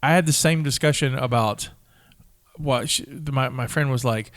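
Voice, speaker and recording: A man's voice: mid-range voice, normal speed, no echo. A man co-hosting a podcast in casual chat, talking animatedly and cutting in on the others. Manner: animated, jumps in and talks over others. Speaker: podcast co-host.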